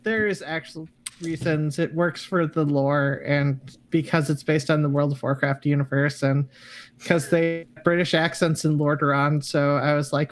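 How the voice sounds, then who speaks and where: A man's voice: a little high, fairly even intonation, moderate pace. A man who is a guest player, chatting casually after a game in a rambling, self-deprecating way. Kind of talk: casual post-game chat.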